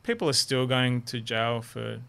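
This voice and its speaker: A man, a defense lawyer guest explaining sentencing carefully and in measured terms. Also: medium pitch, creaky, bright, forceful tone. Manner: careful, measured, hedges his words.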